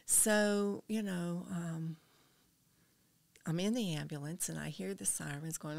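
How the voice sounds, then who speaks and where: A woman's voice: fairly low pitch, moderate pace, vocal fry, no echo. An older woman, a podcast guest, earnestly telling a personal story and dropping to a whisper at tense moments.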